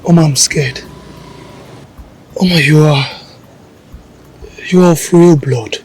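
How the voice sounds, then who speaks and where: An actor playing a worried young man deeply in love in a film drama. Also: takes it slowly, darkish tone, a little hiss or hum, low-quality recording. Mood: fearful. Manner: worried, pleading.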